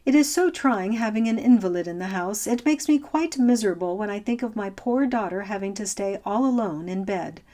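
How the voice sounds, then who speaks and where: A woman voicing a fussy, anxious elderly gentleman who talks in a prim, fretful, genteel way. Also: mid-range voice, lively intonation, brisk, few pauses, natural voice.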